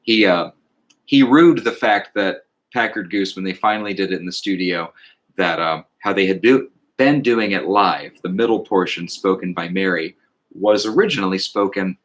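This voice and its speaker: Reflective low-voiced man discussing music. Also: fairly bright tone. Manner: reflective, quotes lyrics in a slow measured cadence. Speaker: podcast co-host.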